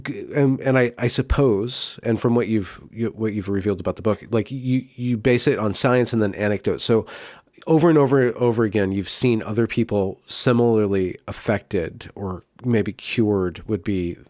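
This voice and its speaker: A low-voiced man hosting an interview. He asks his questions in a halting way, starting over as he searches for the right word. The sound is dry and close. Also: darkish tone, no room sound. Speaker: interview host. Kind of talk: casual interview.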